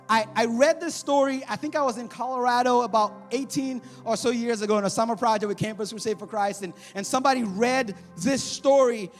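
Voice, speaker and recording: A man of around forty preaching a sermon in a church, animated and acting out the voices of people in the story. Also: extremely high pitch. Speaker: pastor. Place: church sanctuary.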